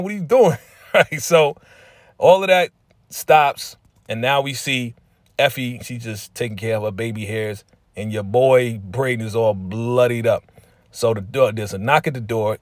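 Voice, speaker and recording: A man hosting a casual TV episode recap in a slangy, lively way, often slipping into quotes from the characters. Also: mid-range voice, no room sound, clean studio sound. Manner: slangy, with frequent "right?" and "you know". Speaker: TV recap host.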